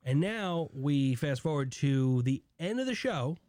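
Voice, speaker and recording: A man co-hosting a casual podcast, recapping a TV episode and slipping into quick impressions of the characters' lines. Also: a little high, lively intonation, a little mellow, dry recording. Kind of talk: casual chat.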